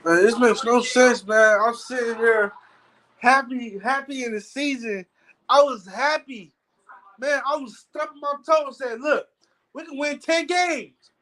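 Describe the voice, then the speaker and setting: A man rants angrily about football on his own video channel, his very high-pitched voice pushed and bright but a little slow. He curses and stammers over his words, and the audio is poor.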